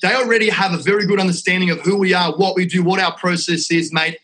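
High bright-voiced Australian man. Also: fast, rough recording. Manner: energetic, salesy, peppers talk with "mate" and "right?". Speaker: real estate investment company owner, podcast guest. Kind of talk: casual podcast chat.

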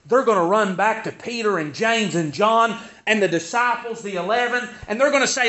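A man's voice: sits high, animated, normal speed, bright, forceful tone, highs cut off. A man preaching a sermon in a folksy style, asking the congregation pointed rhetorical questions. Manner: folksy, rhetorical questions, rising to emphatic peaks.

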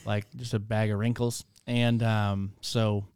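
Joking smooth-voiced pastor hosting a chat. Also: male voice, lowish voice, a little slow, dry recording, studio quality. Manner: joking, animated storyteller. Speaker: pastor and podcast host. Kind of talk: casual chat.

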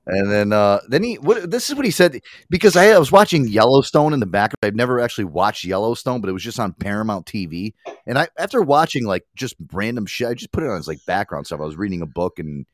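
A man hosts a loose, casual podcast, cursing freely and breaking into laughter. His pitch moves in a lively, animated way. The sound is dry and close. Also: fast, no echo. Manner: laughing often, swearing, loose and chatty. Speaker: podcast host. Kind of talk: casual chat.

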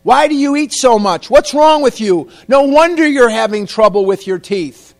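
A man voicing a rude male dentist who yells insults and scolds in a raised, indignant voice. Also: extremely high pitch, expressive, normal speed, voice pushed up. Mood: enraged scolding.

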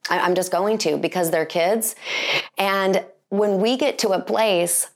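A woman's voice: mid-range voice, a little slow. A woman in her forties giving an earnest, conversational sermon full of rhetorical questions. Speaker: speaker.

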